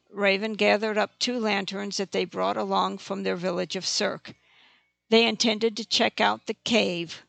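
Gravelly, dry audiobook narrator. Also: medium pitch, level tone, normal speed, fairly bright tone, no room sound. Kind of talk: scripted narration.

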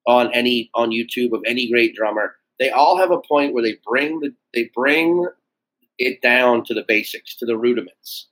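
A young adult man, a comedian guest, talking casually and animatedly with swearing, jumping into high-pitched mock voices. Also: moderate pace, a bit bright, poor audio. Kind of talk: casual podcast chat.

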